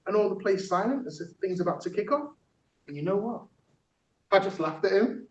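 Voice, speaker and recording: Speaking high, animated and a bit quickly, this mellow-toned workshop facilitator from Yorkshire, England performs rhythmic, punchy spoken word before discussing it with participants. The theatre workshop room sounds echoey and dull, with the mic set far away.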